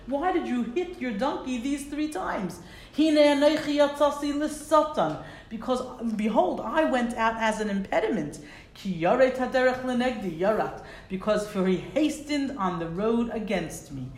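A woman's voice: on the high side, animated, moderate pace, a little mellow. A woman teaching a Bible class who reads Hebrew verses, translates them, and repeats words for stress. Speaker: Torah teacher. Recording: roomy echo.

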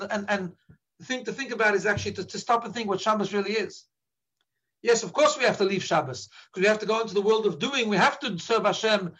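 A man's voice: high-pitched, fairly bright tone, rough recording. A man giving an earnest sermon as a rabbi, repeating words as he searches for his phrasing. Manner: drops into Yiddish when quoting.

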